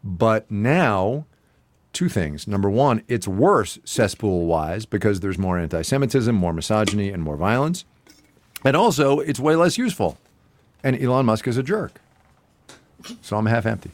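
A man co-hosting a casual news chat show, giving emphatic, animated opinions. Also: lowish voice, normal speed. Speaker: co-host.

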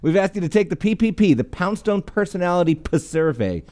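A man's voice: high voice, animated, brisk, a little mellow. Upbeat man co-host. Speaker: podcast co-host. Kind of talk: reading a game segment.

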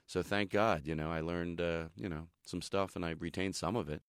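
A middle-aged male comedian giving a candid interview, animated and self-deprecating, laughing often. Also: low-pitched, moderate pace, clean tone, dry recording, clean studio sound. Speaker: comedian guest.

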